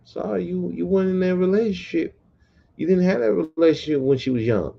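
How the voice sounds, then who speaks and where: A man's voice: sits high, fairly quick, gravelly, dark tone, highs cut off. A man hosting a podcast livestream, ranting bluntly and profanely in a casual, repetitive way. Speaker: podcast host.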